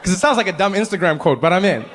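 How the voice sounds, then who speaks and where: Animated male stand-up comedian. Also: sits high, very fast, big-room sound, a little hiss or hum. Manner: animated, acts out voices, laughs through lines. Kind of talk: stand-up storytelling.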